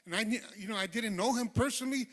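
A man giving his testimony as a sermon, earnest, dropping quiet and then rising loud. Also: sits high, quick pace. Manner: earnest, swings from hushed to loud. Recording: long hall reverb.

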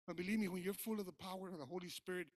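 A man preaching his personal testimony in church, talking informally with many fillers and moving between quiet recollection and loud preaching. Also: high-pitched, steady tone, very fast, no room sound. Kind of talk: sermon testimony.

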